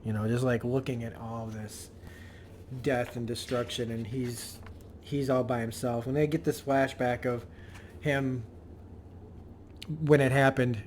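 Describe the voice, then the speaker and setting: A man's voice: mid-range voice, steady tone, a little slow, pauses often, a little mellow, slight background noise. A man casually recapping a comic book issue, rambling loosely with many fillers and restarts.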